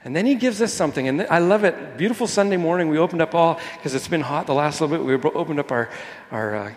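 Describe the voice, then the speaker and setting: A man's voice: on the high side, expressive, fast. A man preaching a Sunday sermon in a church, talking conversationally with jokey asides and restarts. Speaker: pastor. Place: church hall during a Sunday morning service. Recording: long hall reverb.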